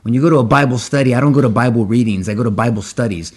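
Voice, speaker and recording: A man co-hosting a casual faith discussion, speaking at a rapid clip. He tells stories animatedly, often restarting his sentences, with a voice of middling pitch. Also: slightly rough. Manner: animated storyteller, frequent restarts. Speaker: podcast co-host.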